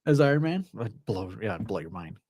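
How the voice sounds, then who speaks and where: A man co-hosting a VR gaming podcast, chatting casually with lots of excitement and some swearing. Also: fairly low pitch, fairly quick, husky. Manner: excitable and effusive, swears freely. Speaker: co-host of a VR gaming show.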